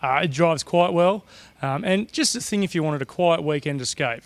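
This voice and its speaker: A man guiding visitors around a collection, answering questions in a relaxed, measured way with many filler words. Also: a little high, no echo. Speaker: collection guide. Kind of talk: casual interview answers.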